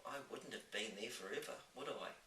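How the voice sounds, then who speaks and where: A man voicing a small, plucky orphan girl in a quick, high, clipped voice. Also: sharp tone. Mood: matter-of-fact. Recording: roomy, distant mic, faint hiss.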